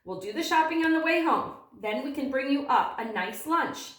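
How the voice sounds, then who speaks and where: A woman voicing a cheerful, bossy father who gives brisk orders. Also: high-pitched, animated, fairly bright tone, roomy sound, pitched above the performer's own voice. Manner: brisk and commanding.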